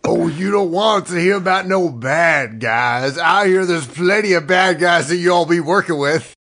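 A man's voice: a little high, sing-song, slow, gravelly, a bit bright, breathy edge, dry recording, studio quality, full character voice. A man voicing a laid-back cowboy in improvised comedy, with an easygoing drawl and folksy phrases. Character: laid-back adult male cowboy, a rambling storyteller. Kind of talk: improvised comedy role-play.

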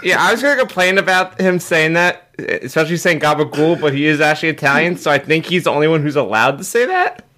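A man's voice: a little high, expressive, fast talker, few pauses, pushed and bright. A man co-hosting a casual podcast, laughing and complaining in mock outrage. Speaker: podcast co-host.

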